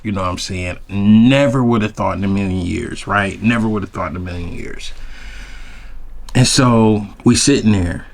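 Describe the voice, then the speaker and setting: A man telling a personal story in casual, slangy chat, animated and jumping high when recounting his shock. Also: vocal fry. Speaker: podcast host.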